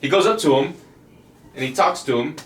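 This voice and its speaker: A man's voice: on the high side, a little fast, roomy sound, far from the mic. A man co-hosting a casual chat podcast, rambling with lots of fillers and laughing often. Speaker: podcast co-host.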